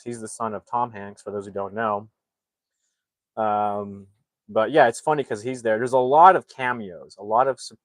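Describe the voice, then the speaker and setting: A man's voice: on the low side, no room sound. A man recapping a movie plot in a loose, rambling way and acting out the characters' lines as he goes. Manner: rambling, acts out character lines while retelling. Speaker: movie reviewer. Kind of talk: casual live-streamed movie recap.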